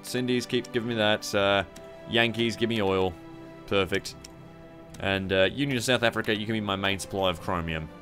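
A man's voice: lowish voice, normal speed, a bit bright, soft background music. A young man hosting a strategy game playthrough, rambling and swearing with mocking asides. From Australia. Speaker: gaming channel host. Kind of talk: casual strategy game commentary.

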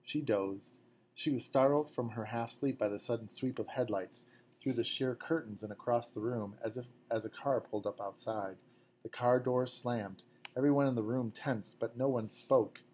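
A man reading a novel aloud at a measured, fairly quiet pace. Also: mid-range voice, a little hiss or hum. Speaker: audiobook narrator. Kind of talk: scripted narration.

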